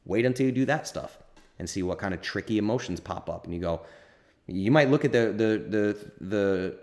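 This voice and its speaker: Low-voiced rambling man. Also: normal speed, a little mellow. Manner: rambling, self-correcting, candid and profane. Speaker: podcast host. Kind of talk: casual solo podcast answering listener questions.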